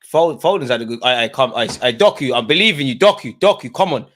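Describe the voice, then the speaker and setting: Man, football watch-along host, slangy casual chat, sudden shouting. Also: mid-range voice, lively intonation, quick pace. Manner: London slang, bursts into shouting at chances and goals. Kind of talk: live match watch-along commentary.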